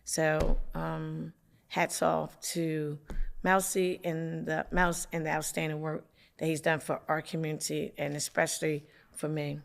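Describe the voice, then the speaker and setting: A councilwoman from hosting a local community TV show, with the hiccups, making announcements in a halting way with many fillers. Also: low voice, little pitch movement, vocal fry. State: has the hiccups.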